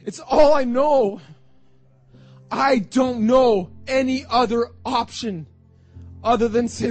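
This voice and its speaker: Male pastor, high voice, slow, impassioned delivery that repeats phrases, faint music underneath. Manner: fervent preaching, repeats phrases, rising to shouts. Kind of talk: sermon.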